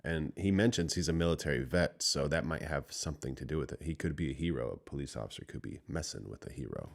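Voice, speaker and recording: A man streaming live, reacting to a clip with rambling commentary that trails off into quiet asides. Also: a bass voice, lively intonation, fast, vocal fry.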